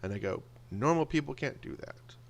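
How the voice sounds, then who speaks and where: A man telling personal stories in a casual monologue, animated and acting out the voices of people he quotes. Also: mid-range voice, a little fast, creaky, dull audio. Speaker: video blogger.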